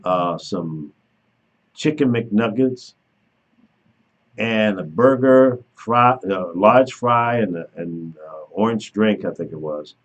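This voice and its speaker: Male host, husky voice, lively pitch, spins a casual anecdote. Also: takes it slowly, highs cut off. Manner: animated storyteller who laughs while telling. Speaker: radio show host. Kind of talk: casual chat and storytelling.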